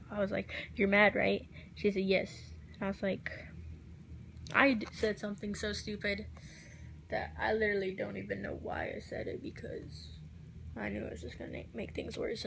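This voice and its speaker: A woman telling a personal story to camera, recounting quoted text messages in a soft, halting voice that drops at times to near a whisper. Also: medium pitch, creaky, slight background noise. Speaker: vlogger.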